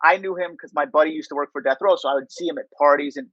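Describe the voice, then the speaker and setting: Man, interview guest, high voice, rambling casual storytelling, dry muffled sound. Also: racing, a bit bright, no room sound. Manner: rambling, heavy use of "like" and "you know".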